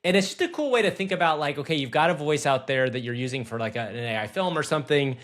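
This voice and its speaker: A man's voice: fairly high pitch, expressive, fast talker, fairly bright tone. A man co-hosting a tech podcast in an enthusiastic, conversational way. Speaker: podcast co-host. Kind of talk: casual tech podcast chat.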